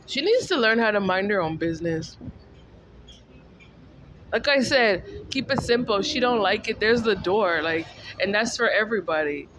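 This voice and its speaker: A woman's voice: mid-range voice, animated, normal speed, background noise. A woman venting in a casual vlog monologue, ranting and repeating herself in exasperation. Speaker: vlogger.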